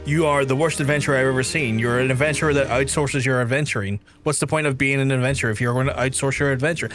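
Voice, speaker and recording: A man's voice: medium pitch, steady tone, fast, over music. A man with a Northern Irish accent chatting casually while streaming a game, rambling and slipping into mock-outraged rants. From Northern Ireland. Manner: rambling, exasperated ranting with mock-outraged quoted asides. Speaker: streamer playing an online role-playing game. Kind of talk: casual gaming-stream chat.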